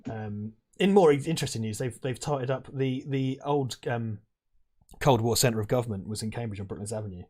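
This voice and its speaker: A man's voice: medium pitch, brisk, a little mellow. A man riffing casually on a film he is watching, his thoughts wandering and peppered with swearing. He laughs often and talks into a lapel mic. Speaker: film commentary host. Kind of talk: casual watch-along chat. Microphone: lavalier.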